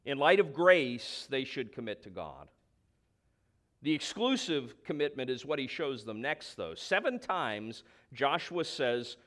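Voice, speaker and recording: A man's voice: mid-range voice, fairly bright tone. A man preaching a sermon, emphatic, stretching key words for stress and dropping in conversational asides. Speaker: pastor.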